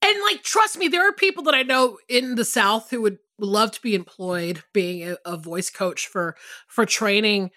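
A woman co-hosting a podcast in casual, animated chat, swearing freely and often restarting her sentences. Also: medium pitch, normal speed, no echo, clean studio sound. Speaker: podcast co-host.

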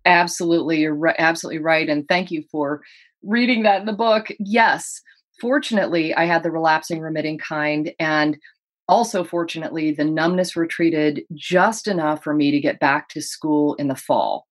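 A woman with a lowish voice tells her own story in an interview. She speaks earnestly and paints the moments vividly for the listener. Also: normal speed. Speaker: guest, author.

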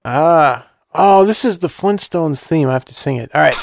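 Animated, joking man in casual banter. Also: fairly high pitch, gravelly, a little hiss or hum. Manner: joking, quick to laugh. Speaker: podcast co-host. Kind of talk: casual drinking-game banter.

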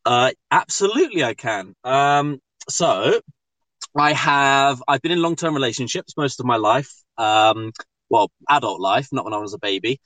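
A man's voice: medium pitch, expressive, moderate pace, bright, forceful tone, dry recording. A man in his twenties with a southern English accent, a guest chatting casually on a podcast with cheeky, joking asides. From southern England. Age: 20s.

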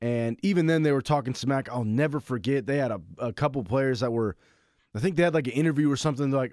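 A man's voice: medium pitch, quick pace, a little mellow, no room sound, studio quality. A man co-hosting a casual sports podcast, a former college football player who tells stories with energy and acts out his own quotes.

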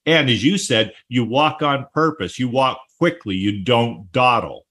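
Casting: male host, mid-pitched, reflective and enthusiastic, unhurried wordy delivery. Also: a bit bright. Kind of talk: casual interview chat.

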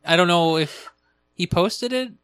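Higher-voiced joking podcast co-host. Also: male voice, fairly bright tone, smooth, dry recording, studio quality. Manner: quick, joking, laughs often. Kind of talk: casual chat.

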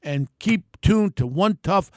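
A middle-aged man from New York hosting his own podcast, ranting bluntly in working-class slang with a gravelly voice. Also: high-pitched, expressive, slow pace, darkish tone, dry recording, clean studio sound. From New York City. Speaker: podcast host. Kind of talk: solo podcast rant.

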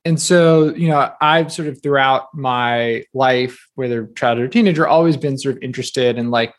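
A man in his thirties from New Jersey, a guest author chatting casually in an interview, peppering his talk with fillers. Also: mid-range voice. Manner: chatty, quick, filler-heavy with many "like"s.

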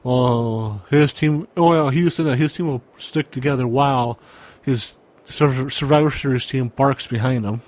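A man's voice: medium pitch, moderate pace, a little mellow. A man co-hosting a casual podcast, recapping from notes with hesitant restarts. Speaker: podcast co-host. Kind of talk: casual chat reviewing a wrestling event.

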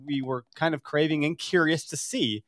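A man hosting a casual studio podcast on a headset mic, joking and telling animated stories. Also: fairly high pitch, normal speed, no echo. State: lingering cough. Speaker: podcast host.

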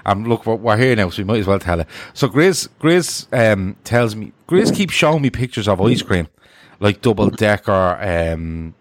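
A man's voice: on the low side, sing-song, normal speed, no echo. Rambling man telling stories. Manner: rambling, laughing storyteller who swears. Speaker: podcast host. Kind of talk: casual banter, reading listener comments.

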